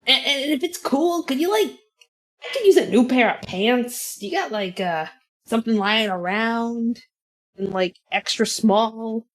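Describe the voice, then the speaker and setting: A woman's voice: mid-range voice, slow pace, close to an everyday voice. A woman voicing a small, scrappy young male airbender who talks in casual slang. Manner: chatty, laid-back slang.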